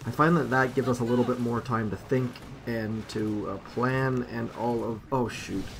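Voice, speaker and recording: A man commentating over his own mobile strategy gameplay, rambling casually and mocking his own mistakes, with sudden excited outbursts. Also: mid-range voice, normal speed, creaky, a little hiss or hum. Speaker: gaming commentator.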